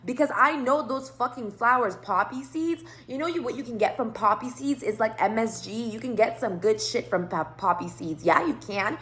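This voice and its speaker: Woman vlogger with a slightly high voice telling a rambling, profanity-heavy story to camera, acting out both sides of the conversation. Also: normal speed, hardly any pauses. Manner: rambling, profane, animated retelling. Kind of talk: casual storytime monologue.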